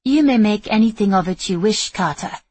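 A woman voicing a composed female sword mentor who speaks in a measured, instructive way. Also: medium pitch, lively intonation, a little mellow, breathy edge, no room sound, voice pushed up. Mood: wry.

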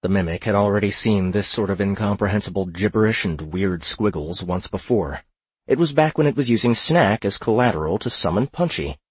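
A man narrating a fantasy audiobook in a measured, matter-of-fact way. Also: on the low side, slightly rough, dry recording. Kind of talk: scripted fiction narration.

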